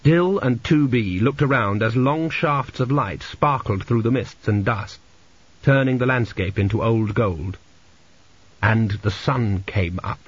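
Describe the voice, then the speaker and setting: A man narrating a comic fantasy audiobook in a dry, measured storytelling manner, in a lo-fi recording. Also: mid-range voice, breathy edge. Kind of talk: scripted narration.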